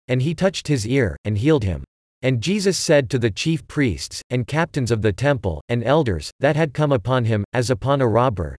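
Man reading scripture, steady and measured. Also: mid-range voice, no room sound, studio quality. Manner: steady, measured, unhurried phrasing. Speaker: scripture reader.

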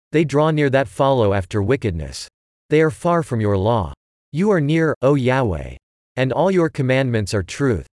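Male scripture reader, varied intonation, dry close sound, measured recitation. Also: mid-range voice, a little mellow, dry recording.

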